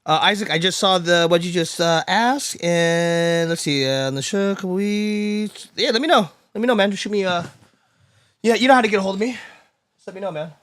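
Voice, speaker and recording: A man's voice: high voice, fairly quick, a bit bright, dry recording. A man in his thirties chatting casually on a live stream, rambling and swearing as he reads out chat. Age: 30s. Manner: rambling and profane, reading chat aloud.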